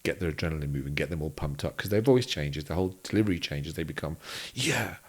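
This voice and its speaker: A man from Kenya, a podcast guest, telling animated stories in casual conversation with frequent restarts. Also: very deep voice, fast talker.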